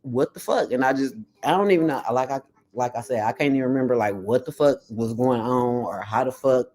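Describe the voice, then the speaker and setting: A woman's voice: a bass voice, brisk. Blunt, profane woman telling her story. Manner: animated, acts out quoted lines. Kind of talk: casual chat.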